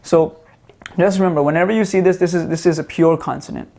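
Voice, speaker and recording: A man's voice: fairly high pitch, creaky. Casual man teaching, checking in often. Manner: relaxed, repeats sounds slowly with many "right?" check-ins. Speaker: Sanskrit teacher. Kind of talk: casual explanatory lesson.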